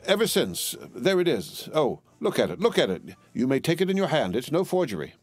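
A man voicing a slippery, smooth-talking male spy who speaks in a wheedling, evasive way. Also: on the low side, animated, a little fast, darkish tone, no echo, faint music behind, natural voice. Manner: wheedling, evasive, hesitant fillers.

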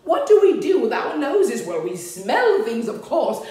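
In a very echoey room with faint music, a woman hosts a children's storytime, giggly and theatrical, often exclaiming "oh dear." Her voice is high-pitched, very animated and warm, and her pace is measured.

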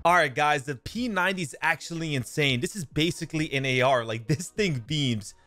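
A young man giving excited, casual commentary over his own shooter gameplay, often exclaiming and swearing at what happens in the match. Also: a little high, a little fast, faint music behind. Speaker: gaming YouTuber.

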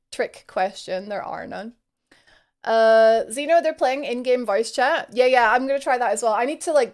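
High-voiced, giggly young woman streamer. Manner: chatty, giggly, greets viewers by name. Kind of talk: casual live-stream chat.

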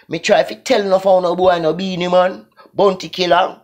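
A man with a Jamaican accent ranting loudly in a mocking reaction video, shouting and mimicking others. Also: high-pitched, level tone, normal speed. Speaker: video commentator.

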